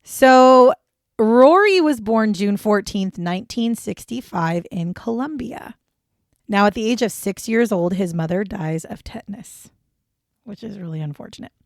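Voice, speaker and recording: A woman's voice: medium pitch, creaky, dry recording, clean studio sound. A young woman co-hosting a true crime podcast, talking casually and bluntly, swearing freely. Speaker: podcast co-host.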